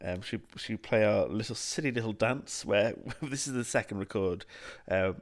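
A man's voice: on the low side, normal speed. A man co-hosting a podcast in casual chat, rambling, laughing a lot and swearing freely. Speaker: podcast co-host.

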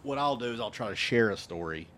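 A man's voice: medium pitch, expressive, quick pace, fairly bright tone, slight background noise. A man co-hosting a podcast, chatting casually and asking questions, with lots of fillers like "like". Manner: inquisitive, filler-heavy with frequent "like". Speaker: podcast co-host; shift worker on night shifts. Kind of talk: casual chat.

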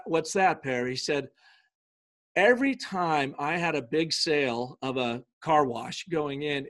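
A man, a guest in an interview, tells an anecdote in an energetic, emphatic way, with quick bursts and slow stresses, and he acts out the dialogue. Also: a little high. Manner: acts out quoted speech in dialogue. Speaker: business storytelling consultant, guest. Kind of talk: conversational interview, telling an anecdote.

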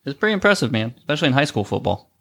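A man's voice: medium pitch, rapid-fire, creaky. A man co-hosting a casual podcast, calling a joke wrestling game with lots of laughs. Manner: jokey, animated, laughs often. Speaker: co-host. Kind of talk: casual play-by-play banter.

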